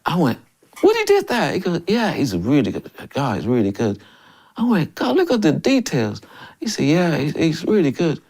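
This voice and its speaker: An older man in his sixties from Memphis, a drummer and interview guest, telling stories in a lively way, often laughing and acting out other people's lines. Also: fairly high pitch, moderate pace, vocal fry, breathy edge. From Memphis, USA. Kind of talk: casual storytelling interview.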